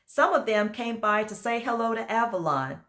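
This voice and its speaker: A woman's voice: a little high, lively intonation, moderate pace, a bit bright. Earnest woman reading her own book. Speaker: author and narrator.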